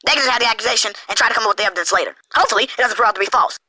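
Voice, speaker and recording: A man's voice: sits high, racing, sharp tone, dry recording, rough recording. A man in an angry rant as an online commentator, heated, sarcastic and profane.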